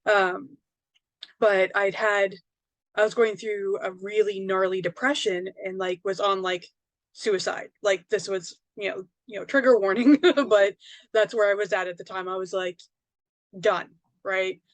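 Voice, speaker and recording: A woman's voice: medium pitch, steady tone, unhurried, no echo. Dry-sounding woman telling a rambling story. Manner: rambling, many fillers and tag questions. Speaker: psychic medium and author, guest. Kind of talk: casual personal storytelling.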